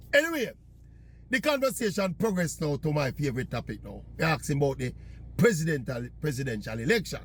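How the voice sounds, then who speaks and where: A man's voice: on the high side, very animated, fairly quick, husky. A man from Jamaica with a Jamaican accent, chatting in patois as he tells a casual story. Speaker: vlogger.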